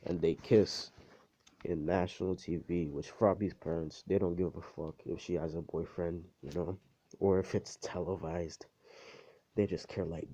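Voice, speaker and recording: A man's voice: low voice, fairly even intonation, measured pace, warm tone, breathy edge. A young man casually telling an improvised fan story, rambling and profane with lots of filler and slang. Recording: dull lo-fi home recording.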